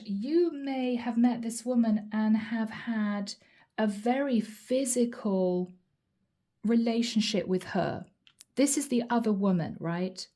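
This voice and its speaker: Lady doing a tarot reading, kinda high voice but soft and warm, repeats herself a lot. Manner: earnest, repeats questions, addresses listener directly. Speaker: tarot reader.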